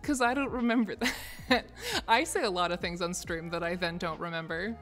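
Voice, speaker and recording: A woman's voice: lowish voice, normal speed, a bit bright, soft background music. A young woman chatting casually with viewers on a stream, rambling with lots of fillers and frequent laughter. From United States. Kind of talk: casual chat. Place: office.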